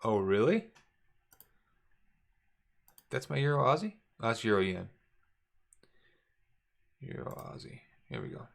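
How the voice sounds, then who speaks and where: Middle-aged male trading instructor, easygoing, repeats key points, mid pitch. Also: very animated, a little slow, vocal fry, long pauses. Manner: casual, repetitive, talks while drawing charts. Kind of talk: screen-share trading lesson.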